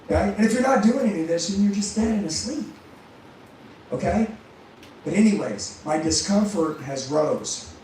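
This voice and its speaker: Brief: high-voiced male motivational speaker, intense and profane, heavy room echo. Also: expressive, normal speed, darkish tone, a little hiss or hum. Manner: intense, profane, fires rhetorical questions at the crowd. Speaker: motivational speaker and sales trainer. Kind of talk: motivational speech to a live audience. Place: room with a live audience. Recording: very echoey room, mic far off.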